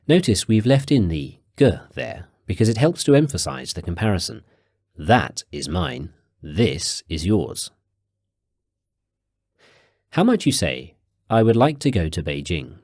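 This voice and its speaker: Male course narrator, low voice with lively intonation, dry close-mic sound, measured teaching delivery. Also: no room sound. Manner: clear, measured prompts, slows for key phrases. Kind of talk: guided audio lesson narration.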